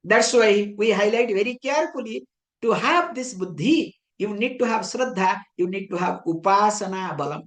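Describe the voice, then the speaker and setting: A woman spiritual teacher giving a scriptural discourse, explaining patiently with many rhetorical questions and reciting verses in chant-like phrases. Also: mid-range voice. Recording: echoey room.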